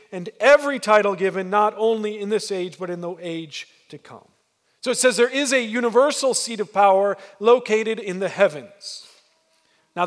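Male pastor, higher voice, storytelling sermon, reverberant hall sound. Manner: storytelling, emphatic with repeated restarts.

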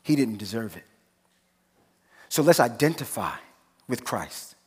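A man preaching a sermon as pastor, moving between hushed, slow pleading and loud, rising exhortation. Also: medium pitch, very animated, breathy edge. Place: church sanctuary. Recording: long church reverb.

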